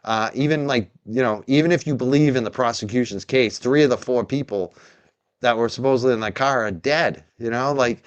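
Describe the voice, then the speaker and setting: A man's voice: medium pitch, brisk, no room sound, highs cut off. A man co-hosting a casual streaming chat, sardonic and laughing, explaining a topic in detail. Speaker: co-host. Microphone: streaming mic.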